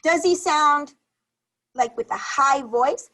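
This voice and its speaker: A woman's voice: high voice, slow pace, pushed and bright, poor audio. A woman teacher on a video call, leading a reading lesson for young children, encouraging and repeating questions to the class.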